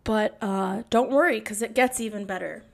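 A woman's voice: medium pitch, normal speed, vocal fry. A young woman hosting a podcast, delivering an angry, sarcastic and profane monologue. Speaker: podcast host.

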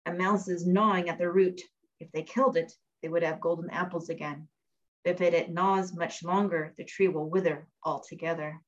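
A woman voicing a grumpy, sleepy male devil in a read-aloud fairy tale, with a slow, growling drawl. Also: fairly low pitch, steady tone, close to an everyday voice. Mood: gruff. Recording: dull lo-fi recording.

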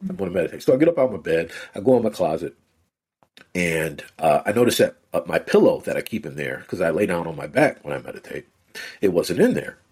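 A man, a podcast guest, telling a personal story in a relaxed, rambling way with many fillers. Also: deep voice, fairly quick, slightly rough. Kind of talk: casual conversational storytelling.

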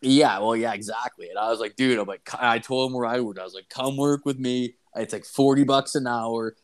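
A man's voice: medium pitch, fairly quick. A man casually telling a story on a podcast, rambling and swearing, with frequent restarts. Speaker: podcast host. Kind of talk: casual chat.

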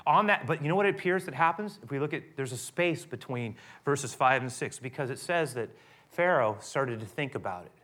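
A male pastor preaching a sermon and telling the scripture story with lively energy. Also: mid-range voice, brisk. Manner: animated storytelling, acting out scripture.

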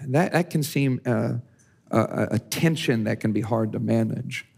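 A man's voice: mid-range voice, normal speed, vocal fry. A male pastor preaching a conversational sermon, with frequent restarts and repeated words.

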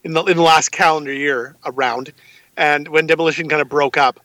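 A man's voice: a little high, fairly even intonation, pushed and bright, dry recording. A man co-hosting a podcast, chiming in with enthusiastic agreement and jokes about old wrestling shows. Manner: enthusiastic, quick agreeing interjections, joking. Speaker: podcast co-host. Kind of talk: casual chat reviewing old wrestling shows.

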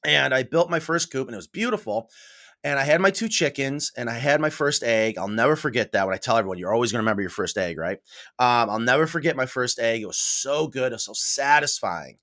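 A middle-aged man from New York State, a podcast guest telling stories in a casual, animated way and acting out the voices he quotes. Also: mid-range voice, quick pace. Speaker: podcast guest, coop builder. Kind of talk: casual storytelling interview.

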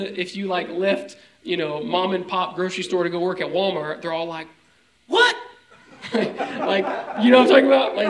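A man's voice: high-pitched, poor audio. A young man preaching a casual teaching sermon, talking conversationally and often checking in with his listeners. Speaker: pastor.

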